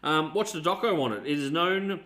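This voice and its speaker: A man's voice: on the high side, animated, a little fast, fairly bright tone. A man with an Australian accent co-hosting a casual podcast chat, swearing freely and telling stories in put-on voices. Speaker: podcast co-host. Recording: echoey room.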